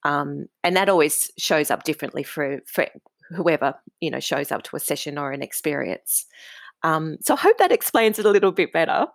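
Podcast guest: woman, low-pitched, emphatic and chatty. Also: animated, brisk, creaky, dry recording. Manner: flowing, emphatic talk with many "like" and "you know" fillers. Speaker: guest, cookbook author and food coach. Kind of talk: casual podcast conversation.

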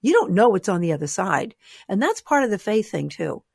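Expressive woman author, dry sound. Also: medium pitch, fairly quick, gravelly, husky, no room sound. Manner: animated, expressive, playful. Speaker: author and guest. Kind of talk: conversational interview.

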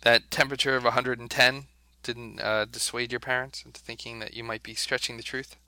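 A man's voice: medium pitch, steady tone, a little fast, vocal fry, pushed and bright, smooth, no echo. A man hosting a podcast, steering a casual chat with teasing questions and laughter. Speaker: podcast host.

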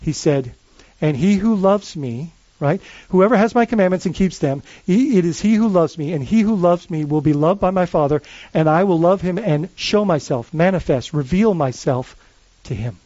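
A man who is a lead pastor, preaching a sermon in a conversational, animated way, often restarting his phrases. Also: high-pitched, normal speed, dry recording, dull audio.

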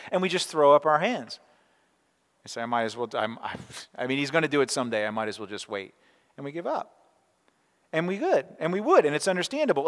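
A man preaching a sermon in a church sanctuary, his voice sitting a touch high for a man. He talks in an easy, conversational way, throwing in rhetorical questions and asides. A long reverb trails each phrase. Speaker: pastor.

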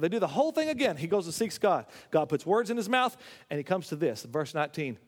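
A male pastor delivers a sermon in a fairly high voice, retelling the story with lively acted-out character voices. He often trips over and restarts his phrases. The sound carries a long reverb, as in a big hall. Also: quick pace.

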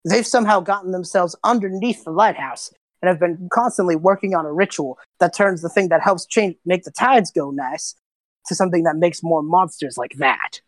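A woman voicing a short, gruff old male lighthouse keeper with wild white hair, who talks bluntly and impatiently. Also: lowish voice, normal speed, no echo, close to an everyday voice.

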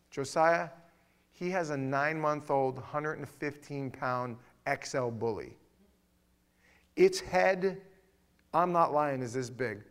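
A middle-aged pastor preaches in a fairly high, clear, resonant voice. Animated and story-driven, he gives voice to each person he quotes.

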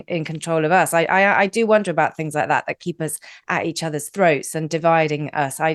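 A woman from the UK, a radio news contributor, talking in a chatty, animated way and often restarting her words. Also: on the low side, dry recording, studio quality. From United Kingdom. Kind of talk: casual radio chat.

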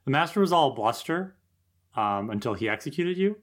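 A man's voice: mid-range voice, very animated, moderate pace. A man co-hosting a podcast in casual chat, analyzing an episode with fillers and small restarts. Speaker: podcast co-host.

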